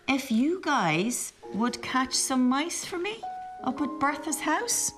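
Storybook read-aloud: woman voicing a pampered posh tomcat, hushed and fretful, slow. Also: sits high, sing-song, music in the background, pitched above the performer's own voice, exaggerated voice. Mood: polite. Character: posh pampered male house cat, fretful.

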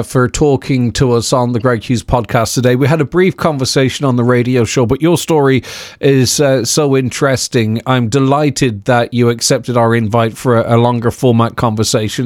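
A man's voice: medium pitch, no room sound, studio quality. A man hosting a podcast, reading a scripted introduction and then asking questions politely with frequent uhs. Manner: polite, halting with uh and um when asking. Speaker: podcast host.

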